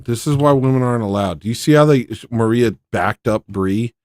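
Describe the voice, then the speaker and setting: A man's voice: medium pitch, a little fast, a little mellow, dry recording, clean studio sound. A man hosting a livestream, chatting casually with viewers in an exasperated, incredulous, mock-outraged way. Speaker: livestream host.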